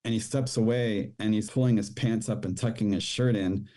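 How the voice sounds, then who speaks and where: Male podcast guest, low dark voice, halting personal testimony. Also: steady tone. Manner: plain, halting storytelling with fillers.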